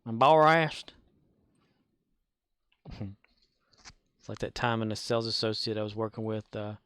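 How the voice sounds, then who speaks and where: A man's voice: mid-range voice, a bit bright, clean tone, no echo. A man streaming a video game and chatting casually in a rambling way, with chuckling asides. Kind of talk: casual gaming commentary.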